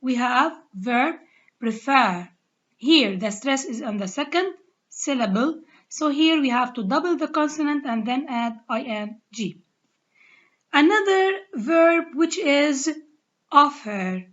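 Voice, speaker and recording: Lebanese woman teacher, deliberate and slow, spells words out letter by letter, muffled lo-fi sound. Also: high voice, animated. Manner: spells out letters and repeats each rule step by step. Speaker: English teacher. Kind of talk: slow, deliberate grammar lesson. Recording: dull lo-fi recording.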